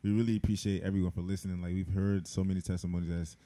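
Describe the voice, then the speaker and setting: A man's voice: low voice, flat delivery, very fast, warm tone. A young man co-hosting a podcast, thanking listeners in an earnest, casual way. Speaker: podcast co-host. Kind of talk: casual chat.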